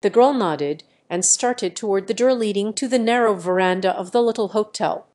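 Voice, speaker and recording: A woman's voice: mid-range voice, normal speed. Synthetic woman narrating an audiobook. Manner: steady synthetic reading voice.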